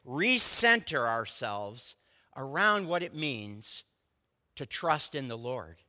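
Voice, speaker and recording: A man preaching a sermon from the pulpit, with slow, emphatic stresses on key words. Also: medium pitch, sharp tone. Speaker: pastor. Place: church sanctuary. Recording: long hall reverb.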